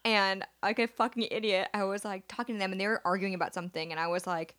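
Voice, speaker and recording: A woman's voice: mid-range voice, fairly even intonation, fast, fairly bright tone. Young woman co-host, rambling casual storyteller, mid-range voice. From Seattle area. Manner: rambling storyteller, lots of likes, laughs through stories. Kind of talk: casual chat.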